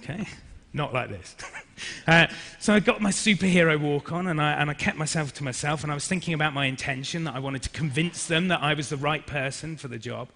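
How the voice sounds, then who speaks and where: A young man speaking at a business forum, telling a personal story in a lively anecdotal way and acting out what people said. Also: fairly high pitch, a little fast. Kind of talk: storytelling talk to an audience. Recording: reverberant hall.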